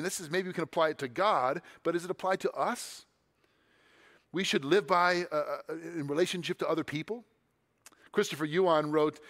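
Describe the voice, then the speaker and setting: A man with a slightly high voice preaches a sermon as if chatting with his listeners. He shifts from quiet, reflective stretches to firm, emphatic points. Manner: conversational preaching with swings between quiet and emphatic. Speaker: pastor.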